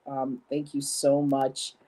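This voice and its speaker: A woman in a casual vlog, talking to her viewers with many ums and pauses, gushing and emotional. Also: a bass voice, monotone, dark tone. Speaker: vlogger.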